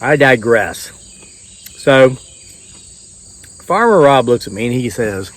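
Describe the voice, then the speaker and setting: A man spins a tall tale in a folksy, rambling drawl. He tells it loose and easy, like a yarn among neighbors, with a voice of middling pitch. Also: expressive, takes it slowly, long pauses. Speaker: storyteller.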